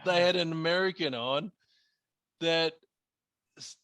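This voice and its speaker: A man co-hosting a podcast in casual chat, an animated storyteller who laughs often. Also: on the high side, unhurried, smooth, no echo. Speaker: podcast co-host.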